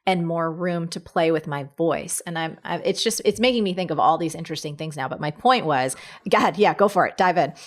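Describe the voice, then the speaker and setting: A woman hosts an interview in a casual, enthusiastic way. Her voice sits slightly low for a woman. She thinks aloud as she talks, with fillers and restarts. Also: fairly quick. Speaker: host.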